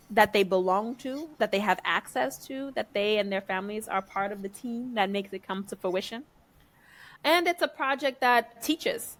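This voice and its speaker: Woman architect guest, mid-pitched, deliberate, measured and rhythmic. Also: fairly bright tone. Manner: deliberate, builds rhythmic lists. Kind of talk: measured reflective speech.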